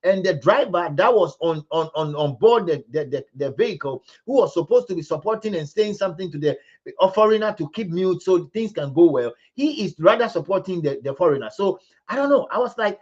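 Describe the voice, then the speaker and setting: A man's voice: sits high, expressive, brisk, a little mellow, lo-fi sound. A man with a Ghanaian accent hosting a live commentary stream, repeating himself and stumbling over restarts as he builds to indignant emphasis. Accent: Ghanaian English. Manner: repetitive, stammering restarts, rising to indignant emphasis. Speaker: livestream host.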